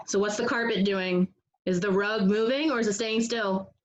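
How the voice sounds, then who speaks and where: A woman preschool teacher reading a picture book to young children, animated and asking them questions. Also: mid-range voice, moderate pace, highs cut off, a little hiss or hum.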